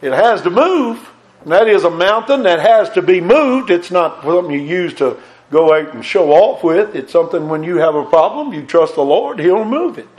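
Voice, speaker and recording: A man preaching a sermon in a folksy way, reading scripture aloud and swinging between loud emphasis and soft asides. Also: sits high, sing-song, normal speed.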